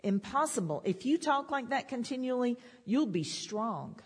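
A woman's voice: a little high, big pitch swings, moderate pace, slightly rough. A woman preaching a sermon, repeating declarations with rising emphasis. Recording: long hall reverb.

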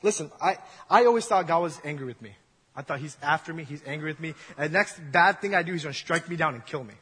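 High-pitched, bright young preacher in a hall. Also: male voice, animated, fast, breathy edge. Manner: casual, joking storytelling, acts out voices. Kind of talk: sermon. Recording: long hall reverb.

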